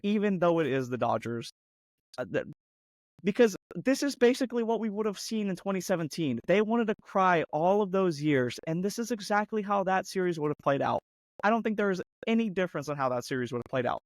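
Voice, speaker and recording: A man's voice: high voice, expressive, no echo. Fired-up man ranting on a sports podcast. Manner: fired-up, mocking, rapid-fire rhetorical questions. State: losing his voice. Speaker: podcast co-host. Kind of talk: heated sports podcast rant.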